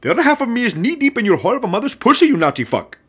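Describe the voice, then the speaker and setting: A man's voice: very high voice, very animated, very fast, breathy edge, heavily acted. A man voicing a short-tempered, pint-sized male cartoon enforcer who spits out profane threats. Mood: menacing. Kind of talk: cartoon comedy voice acting.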